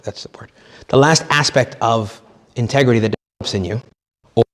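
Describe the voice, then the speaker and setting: A man's voice: medium pitch, big-room sound. A man giving a retreat talk as a priest, in a conversational, joking way, acting out quoted people. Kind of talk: retreat sermon.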